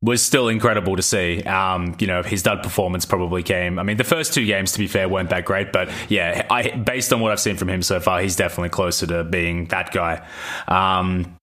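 A man co-hosts a casual podcast and talks in a laid-back way, padding his points with plenty of fillers. His voice is very deep. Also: fairly even intonation, brisk, pushed and bright. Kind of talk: casual analytical chat.

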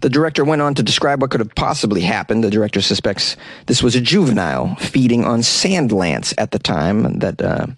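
A man's voice: medium pitch, big pitch swings, fairly quick, few pauses, no echo. A man reading out odd news stories and breaking in with sarcastic wisecracks. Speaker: commentator. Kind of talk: comedic news commentary.

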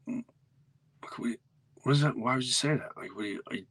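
A middle-aged man, hosting a podcast and telling an animated story, acting out quotes and dropping to hushed asides. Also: mid-range voice, fairly quick, breathy edge, dry recording. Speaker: podcast host.

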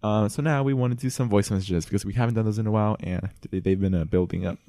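A man's voice: fairly low pitch, quick pace, warm tone. A man hosting a podcast in laid-back casual chat, saying "like" a lot. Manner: laid-back, heavy use of 'like'. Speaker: podcast host.

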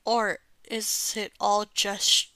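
A thoughtful young male comic hero who muses earnestly about life, as a woman voices him. His voice is bright and smooth, with a slow, careful pace and a dry, close sound. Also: mid-range voice, level tone, no room sound, full character voice. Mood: pondering. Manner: earnest, pondering.

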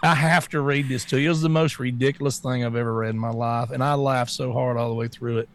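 A man's voice: mid-range voice, steady tone, fast talker. A man co-hosting a casual political talk show, blunt and sarcastic and swearing freely.

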